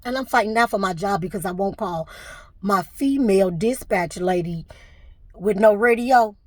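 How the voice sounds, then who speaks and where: A woman's voice: medium pitch, normal speed, darkish tone, no echo. A middle-aged woman, venting to camera with emotion and fighting back tears. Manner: tearful, fighting back crying. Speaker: vlogger.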